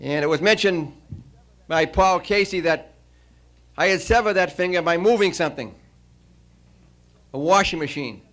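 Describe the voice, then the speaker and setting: A man giving a farewell after-dinner speech, telling a long joke with frequent pauses and fillers. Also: high voice, fairly bright tone. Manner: storytelling, halting with many uh fillers.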